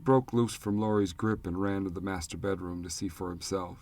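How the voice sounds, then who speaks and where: Deep-voiced male audiobook narrator. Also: steady tone, normal speed, hardly any pauses, darkish tone, dry recording. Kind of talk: scripted narration.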